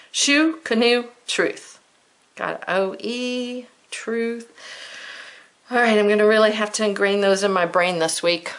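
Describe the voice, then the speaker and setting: Slow-spoken woman teaching spelling. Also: medium pitch, fairly bright tone. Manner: patient, thinks aloud step by step, spells letter by letter. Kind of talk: spelling lesson for children.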